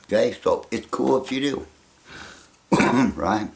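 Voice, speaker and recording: A man with a gravelly voice talking in a rambling casual monologue, chuckling often and trailing off. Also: fairly low pitch, slow pace. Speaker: vlogger.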